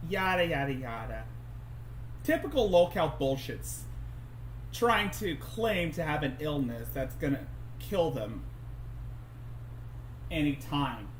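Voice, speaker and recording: A man's voice: on the high side, expressive, slow pace, pauses often, a little hiss or hum. A man hosting a commentary stream, talking in a sarcastic, mocking way with stumbling restarts. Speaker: streamer host.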